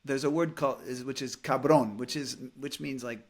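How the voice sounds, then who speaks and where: A man's voice: medium pitch, steady tone, normal speed. A man who is a priest and a podcast guest, telling a self-mocking story in a casual chat and hesitating as he searches for words.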